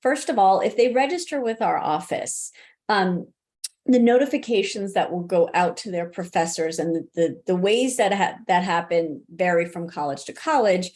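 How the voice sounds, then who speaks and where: A woman's voice: lowish voice, animated, normal speed, darkish tone. A middle-aged woman answering interview questions as a college disability services expert, talking conversationally with many restarts and fillers and laughing easily.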